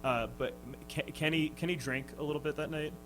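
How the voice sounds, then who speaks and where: A man's voice: on the high side, steady tone, fairly quick, background noise. A young man, a touring musician, telling a story on a radio show with lots of ums and restarts. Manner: hesitant, full of ums and restarts, laughing often. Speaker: touring band musician, guest. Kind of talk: casual storytelling in an interview. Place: radio studio.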